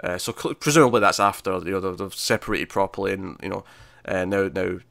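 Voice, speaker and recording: A man's voice: low voice, fast talker, gravelly, a bit bright, dry recording. A man co-hosting a casual TV review chat, recapping scenes animatedly with frequent laughs and restarts. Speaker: podcast co-host reviewing a TV episode.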